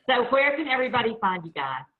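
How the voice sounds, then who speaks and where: A woman's voice: fairly high pitch, bright, forceful tone, low-quality recording. A woman hosting a casual video-call talk show, a family lawyer who rambles, jokes at herself and chats freely. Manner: chatty, rambling, self-mocking. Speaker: family law attorney and show host.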